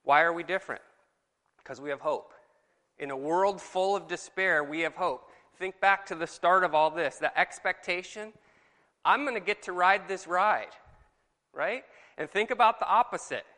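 Bright-voiced man leading a Bible study. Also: a little high, normal speed, long reverb tail. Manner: asks the group questions, lively and animated. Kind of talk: conversational sermon.

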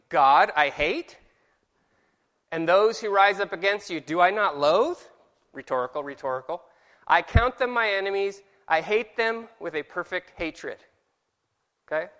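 A man's voice: medium pitch, bright, forceful tone, big-room sound. A man leading an informal Bible study, reading verses aloud with exaggerated inflection and joking about himself. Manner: casual, self-deprecating, reads verses aloud with exaggerated inflection. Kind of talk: informal Bible class teaching.

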